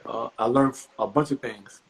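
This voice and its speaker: A middle-aged man from the US East Coast, a comedian guest telling profane stories with animated, high-pitched acted quotes. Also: normal speed, gravelly, husky, rough recording. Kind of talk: animated storytelling.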